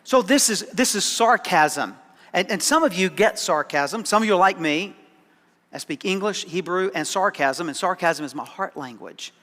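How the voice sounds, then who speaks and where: Bright-voiced man preaching in a reverberant church. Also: high-pitched, animated, moderate pace. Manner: conversational, sarcastic humor, repeats words when starting. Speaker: pastor. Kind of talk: sermon. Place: church sanctuary.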